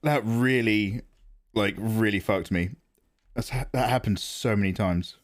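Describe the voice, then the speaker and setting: An art streamer draws on a livestream from his home setup, chatting casually with viewers in the chat. His voice is on the low side, and he speaks in an unhurried way.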